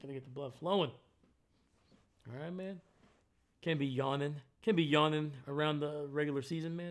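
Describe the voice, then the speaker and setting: A man's voice: fairly high pitch, moderate pace, long pauses. A young man casually talking over a football game on a live stream, ending nearly every sentence with "man". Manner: relaxed, says "man" after most lines.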